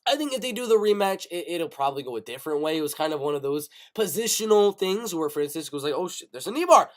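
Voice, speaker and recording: A man hosting a casual live show, giving animated, rapid-fire fight predictions with play-by-play bursts. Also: on the high side. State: coughing, sick. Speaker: MMA prediction show host. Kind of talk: casual live-stream commentary.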